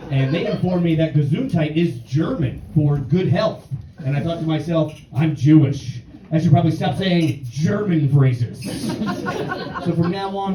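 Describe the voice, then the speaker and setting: A young man from New York doing a stand-up set, with a dry, self-deprecating delivery, to a laughing audience in a comedy club. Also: on the high side. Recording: echoey club, mic at a distance, crowd.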